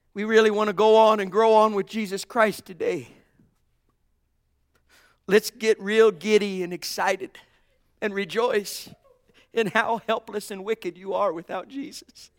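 A man preaching a sermon with fervor, dropping to a hush and then rising to loud, emphatic, drawn-out lines. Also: high-pitched, dry recording, studio quality. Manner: fervent, swings between hushed and loud emphatic preaching.

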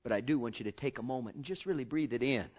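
A man preaching a sermon with passion, swinging from hushed, drawn-out words to loud cries. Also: mid-range voice, highs cut off.

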